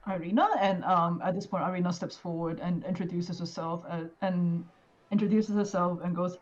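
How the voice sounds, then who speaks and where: Low-voiced woman running a game. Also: fairly even intonation, normal speed. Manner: casual, many fillers. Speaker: game master. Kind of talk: narrating a tabletop game. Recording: dull lo-fi audio.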